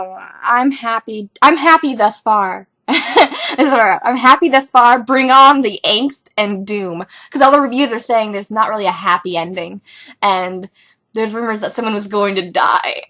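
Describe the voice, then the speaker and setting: A young woman talking casually as a fan reviewing a TV episode, rambling and excitable with lots of ums and likes. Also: a little high. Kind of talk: casual fan reaction commentary.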